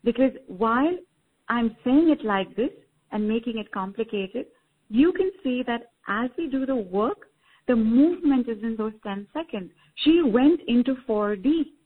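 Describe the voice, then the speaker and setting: A woman guides callers on a call-in show, explaining spiritual ideas in a calm, measured way. Her voice is a little high and comes through a thin, tinny phone line. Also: breathy edge.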